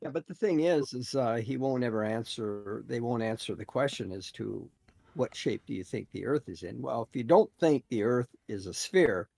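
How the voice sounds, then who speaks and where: A man argues his point in a casual chat, pressing hard with questions. His voice is gravelly and husky and swings up and down a lot. The sound is dry and close. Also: mid-range voice, expressive, moderate pace, darkish tone, no echo.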